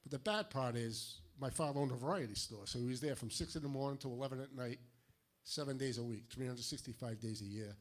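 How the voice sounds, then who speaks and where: An older man from Fall River with a New England accent, doing a stand-up routine of deadpan one-liners with punchy timing. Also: medium pitch, fast. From Fall River, Massachusetts. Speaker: stand-up comedian. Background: audience laughter.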